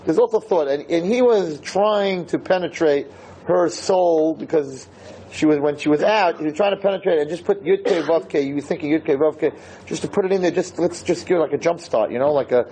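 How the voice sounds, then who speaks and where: A man giving a Torah lecture to listeners, telling a story with animated emphasis and repeated phrases. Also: fairly high pitch, brisk, slight background noise, poor audio.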